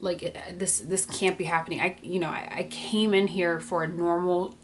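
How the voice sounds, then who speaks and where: A woman's voice: lowish voice, level tone, normal speed, slight background noise. A woman in her early twenties telling a personal story to camera, candid and emotional, fighting back tears and using lots of "like". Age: early 20s. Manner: candid, emotional, many filler "like"s. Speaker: vlogger.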